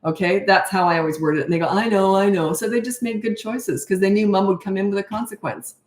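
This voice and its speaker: Quick-paced and mid-range, her voice echoes around the room. This older parenting coach is in a live Q&A chat, telling chatty stories and performing the voices of the people in them.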